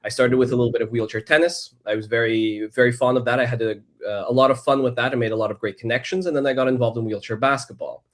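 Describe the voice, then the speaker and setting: A man from Canada, a podcast guest, telling his personal story in a reflective, measured way with frequent restarts. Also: medium pitch.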